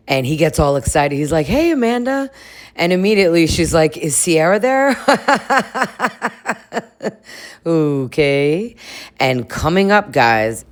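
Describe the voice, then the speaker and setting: Very low-voiced, giggly woman vlogger. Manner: giggly, laughs often, swears casually, chats straight to viewers. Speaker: reality TV recap vlogger. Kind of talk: casual chatty recap commentary.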